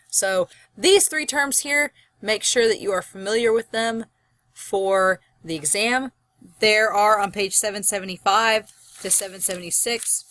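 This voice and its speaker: A young woman talks through a college poetry lecture in a loose, chatty way, rambling into asides and lively little impressions. Her voice sits at an ordinary pitch and is recorded close, with a dry sound and no room around it. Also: dry recording. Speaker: college English instructor.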